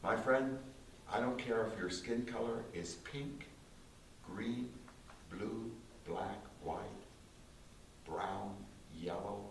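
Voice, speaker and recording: A man, a concert pianist, giving an emphatic church testimony with repetitive, dramatic slow phrasing, recorded in a small church. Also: on the low side, vocal fry. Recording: roomy distant church recording with faint hiss.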